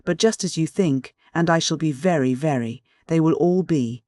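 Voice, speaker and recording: A man voicing a timid, distressed young woman who speaks haltingly, in an audiobook. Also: fairly high pitch, darkish tone, no echo, clean studio sound, lightly acted. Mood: tearful. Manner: halting and broken-off.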